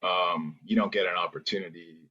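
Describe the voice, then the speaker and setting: A man's voice: sits low, steady tone, a little fast, breathy edge, highs cut off. A man, a former hockey player, rambling through anecdotes as a podcast guest, with many fillers and restarts. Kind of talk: casual storytelling interview.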